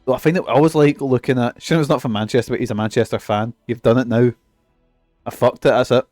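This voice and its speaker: A Scottish man commentates casually over a video game, swearing freely and joking as he rambles. His voice is mid-pitched and sits dry and close to the mic, with faint game music underneath. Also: steady tone, quick pace, darkish tone, dry recording. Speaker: game streamer.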